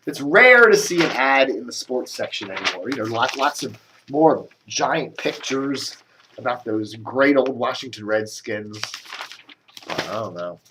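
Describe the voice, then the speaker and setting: A man's voice: mid-range voice, animated, unhurried, noisy background. A man giving a casual, rambling media commentary, grumbling and sarcastic, with coughs and restarts. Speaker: media blogger doing a video commentary.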